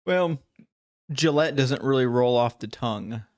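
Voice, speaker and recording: A man's voice: mid-range voice, a little slow, no echo, clean studio sound. A man co-hosting a casual podcast, joking around, correcting himself, and steering the talk back to the text. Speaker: podcast co-host. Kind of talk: casual chat.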